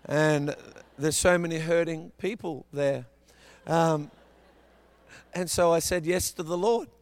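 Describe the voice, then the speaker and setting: Smooth, higher-voiced man preaching a sermon. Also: slow pace, dry recording. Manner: humorous anecdotal storytelling. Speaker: guest preacher.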